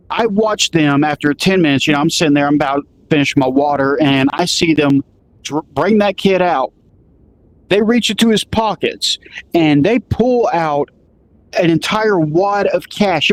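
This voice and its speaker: A man's voice: on the high side, poor audio. A man telling a story casually, acting out what each person said with lots of "he goes" and "I'm like". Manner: acts out quoted dialogue, lots of "I'm like" and "he goes".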